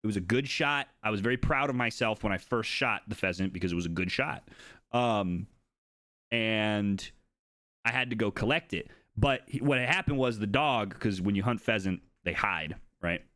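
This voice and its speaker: A man streaming live, casually telling a story to his chat, swearing freely and acting out what others said in a higher voice. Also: normal speed, pushed and bright, dry recording, studio quality.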